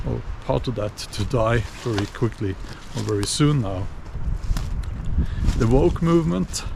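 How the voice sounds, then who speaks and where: Man, casual vlog monologue, slow and thoughtful, mid-pitched voice, faint outdoor noise. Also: animated, creaky. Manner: unhurried, musing, many fillers and restarts. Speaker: video blogger.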